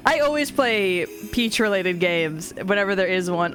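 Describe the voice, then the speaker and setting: A young woman streaming a video game in a casual, animated way, giggling, swearing and reading dialogue aloud on a desk mic. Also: mid-range voice, moderate pace. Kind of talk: casual let's-play commentary. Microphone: desk mic with webcam. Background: faint game music.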